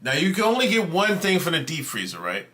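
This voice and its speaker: Chatting with his stream audience, this host spins a casual, profanity-laced story in a slightly high voice that swings hugely in pitch. He talks briskly, with a bright and forceful tone.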